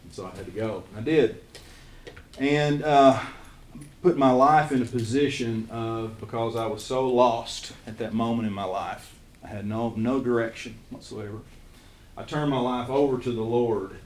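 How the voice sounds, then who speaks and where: A man with an Eastern Kentucky accent, a church missions pastor telling his calling story to a small group in earnest, halting speech. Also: medium pitch. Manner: earnest storytelling with frequent restarts. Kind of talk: casual testimony to a small group. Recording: roomy echo, faint room noise.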